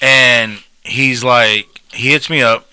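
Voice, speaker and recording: A man's voice: medium pitch, fairly even intonation, slow pace, pushed and bright, clear, resonant tone, no echo. A man co-hosting a casual beer podcast, retelling a story with acted-out dialogue and plenty of swearing. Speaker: podcast co-host.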